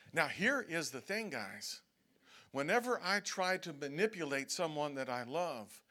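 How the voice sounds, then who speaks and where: Male pastor, slightly high voice, chatty sermon in church, keeps asking "okay?". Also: pushed and bright. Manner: conversational preaching, frequent "okay?" checks, acted-out prayers and whining. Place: church sanctuary.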